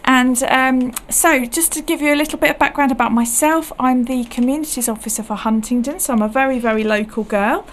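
A woman's voice: high voice, brisk, few pauses. Chatty woman hosting radio. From England. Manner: chatty, warm laughs, lots of ums. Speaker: radio gardening show host. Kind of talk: casual radio chat.

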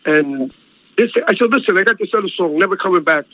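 An older man, a singer, tells stories in an interview with a high, fast voice, acting out quoted dialogue and chuckling often. The radio audio is dry with no echo and slightly dull.

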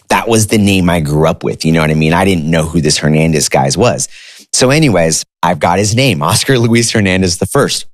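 Low-voiced man telling his story. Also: no room sound, studio quality. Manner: casual, candid, says "dude" and "you know". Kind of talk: personal storytelling.

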